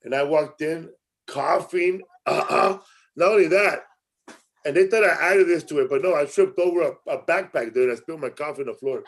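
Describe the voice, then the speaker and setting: A man's voice: a little high, brisk. A man hosting a podcast in casual chat, telling rambling stories and stumbling over repeated words. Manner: rambling storyteller, repeats words when excited. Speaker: podcast host.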